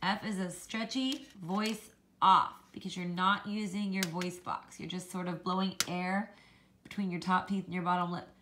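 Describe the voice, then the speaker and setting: A woman teaching a children's phonics lesson, slowly modelling letter sounds and encouraging the kids to copy her. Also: lowish voice, fairly even intonation, noisy background.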